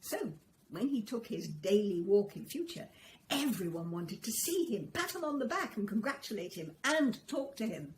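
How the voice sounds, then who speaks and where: A woman reading a children's story aloud, in a gentle, expressive storytelling manner. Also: mid-range voice, normal speed, slight background noise, low-quality recording.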